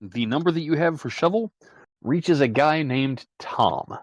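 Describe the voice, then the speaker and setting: A man running a tabletop game as game master, animated and quick to laugh. His pitch moves a lot, and the sound is dry and close to the mic. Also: dry recording.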